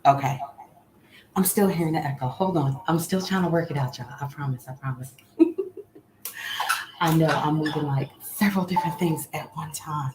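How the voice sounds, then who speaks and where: A woman's voice: sits low, moderate pace. A woman hosting a cooking livestream from her kitchen, chatting casually to viewers and often dropping into a near whisper. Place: home kitchen. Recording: echoey room with background noise.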